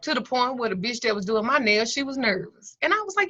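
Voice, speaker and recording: A woman's voice: on the high side, sing-song, quick pace, pushed and bright. A woman, teaching an online occult class and telling blunt, profane stories. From Southern United States. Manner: blunt, profane, theatrical storyteller. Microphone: video call. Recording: dull lo-fi video-call audio.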